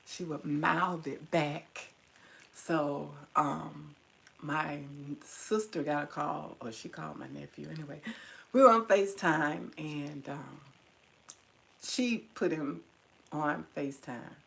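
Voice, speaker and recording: A woman's voice: sits low, takes it slowly, gravelly, fairly bright tone, poor audio. A middle-aged woman tenderly reminiscing about her mother to her viewers, at times teary-eyed. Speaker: vlogger. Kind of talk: personal storytelling to viewers.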